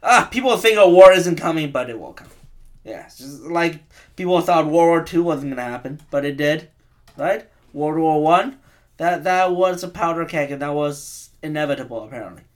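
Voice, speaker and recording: Brief: twenties guy hosting a podcast, slightly high voice, profane and rambling rant. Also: normal speed. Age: 20s. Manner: rambling, profane, self-mocking. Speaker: podcast host.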